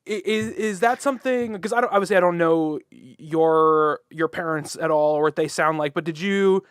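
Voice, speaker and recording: A man's voice: on the high side, normal speed, smooth, dry recording, clean studio sound. A man co-hosting a podcast, chatting casually in a rambling, hesitant way with frequent laughs. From United States. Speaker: podcast co-host. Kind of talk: casual chat.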